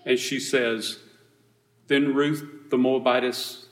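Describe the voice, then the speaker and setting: A man teaching a Bible study, reading scripture aloud and explaining it in a relaxed, conversational way, correcting himself as he goes. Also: mid-range voice, slow, big-room sound.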